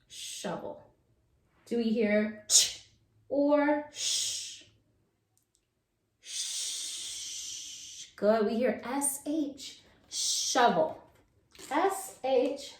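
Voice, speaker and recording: A woman teaching a children's phonics lesson in a playful, sing-song way, slowly sounding out letters. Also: high voice. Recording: echoey room.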